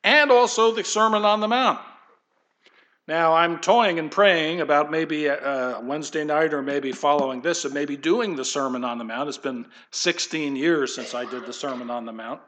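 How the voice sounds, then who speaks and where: A pastor preaching a sermon in an easygoing, conversational way, wandering into folksy asides. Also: male voice, fairly high pitch, moderate pace, fairly bright tone.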